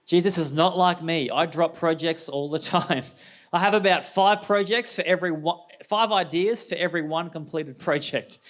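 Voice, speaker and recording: A middle-aged pastor delivers a sermon in an energetic, conversational way. His voice sits a bit high for a man. He keeps asking the congregation questions. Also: moderate pace.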